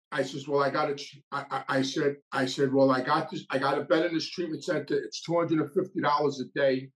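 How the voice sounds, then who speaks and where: In a low-quality recording, a man with a medium-pitched voice tells the story of his recovery. It's a casual storytelling monologue, delivered bluntly and streetwise, with many repeated and restarted phrases.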